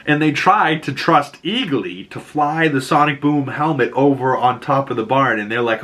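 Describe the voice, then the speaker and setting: A man with a Boston accent casually recapping a TV episode, laughing often and acting out characters' lines in quick bursts. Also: medium pitch, a bit bright. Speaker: show recap host.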